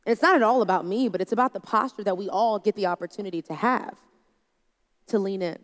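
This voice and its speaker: A woman's voice: mid-range voice, quick pace. A woman speaking to an audience about leading a team, in a conversational storytelling manner that acts out quoted voices. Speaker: conference speaker. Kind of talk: leadership talk to a live audience. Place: large hall with an audience. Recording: long hall reverb.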